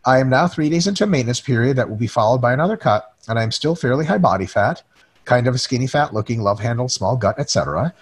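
A man's voice: mid-range voice, animated, quick pace, husky. A man co-hosting a webinar, chatting casually and profanely, joking around and reading viewer questions aloud. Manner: swears freely, jokey, reads questions aloud. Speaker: podcast co-host.

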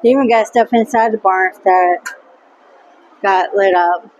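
A woman's voice: medium pitch, a little slow, a little mellow, poor audio. A woman in casual vlog chat at an indoor museum exhibit, eagerly pointing out small details. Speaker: vlog co-host.

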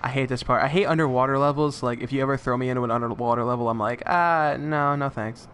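Relaxed man chatting over co-op gameplay. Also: medium pitch, racing, a little hiss or hum. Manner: relaxed, chatty, coaching a teammate. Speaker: gaming channel host. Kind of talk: casual co-op gameplay chat.

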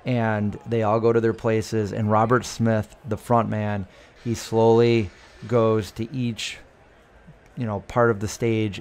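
Excited man vlogging through city noise. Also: fairly low pitch. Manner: excited, keeps pointing things out. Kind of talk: casual travel vlog narration. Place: out and about in a city, hotel, garage, arena. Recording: noisy on-the-go camera audio.

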